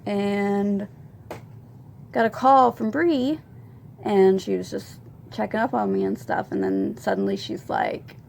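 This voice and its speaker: Twenties girl doing a storytime vlog, super fry-y gravelly voice, lots of ums, faint hiss behind. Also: mid-range voice, sing-song, measured pace. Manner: rambling confessional with many ums and soft laughs. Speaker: vlogger.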